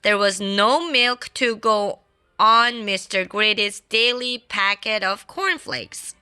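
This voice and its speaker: A woman reading a children's storybook aloud in a playful, expressive way. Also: mid-range voice, slow pace, clean tone. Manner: playful and expressive, adds sound effects. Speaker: storybook reader. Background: faint classical background music.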